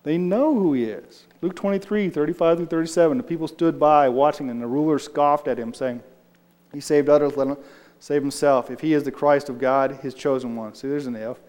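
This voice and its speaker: A man's voice: a little high, a little fast, darkish tone. A man leading a casual Bible study, talking loosely and answering his group as he reads aloud. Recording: reverberant room.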